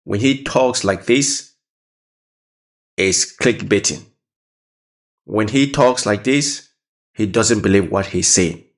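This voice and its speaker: A man with a fairly low voice reacts casually to a clip, speaking in a plain conversational way. He often repeats a phrase to drive his point home. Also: slow pace, pauses often. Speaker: reaction video host. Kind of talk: casual commentary over a clip.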